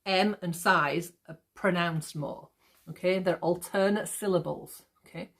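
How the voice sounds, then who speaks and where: A woman teacher talking to her students in a recorded lesson, checking in with "okay?" and slowing right down to exaggerate the stressed syllables. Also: on the low side, fairly bright tone. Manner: slow, exaggerated stress when demonstrating rhythm.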